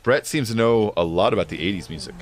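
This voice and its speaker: A man's voice: on the low side, lively intonation, fast, slight background noise. A man streaming a racing game and chatting casually with viewers, rambling through stories and laughing often. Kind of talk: casual live-stream chat.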